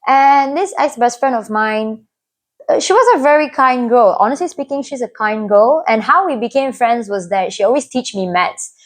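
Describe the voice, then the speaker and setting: A woman's voice: fairly high pitch, lively intonation, moderate pace. A young woman tells a personal story to camera in an earnest, confiding way, often checking in with "right?". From Malaysia. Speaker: vlogger.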